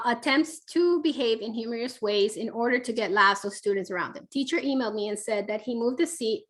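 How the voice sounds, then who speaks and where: Chatty woman giving parenting advice live. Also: medium pitch. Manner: warm conversational coaching, frequent fillers, reads questions aloud. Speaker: parenting expert answering viewer questions. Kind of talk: live online Q&A, casual advice.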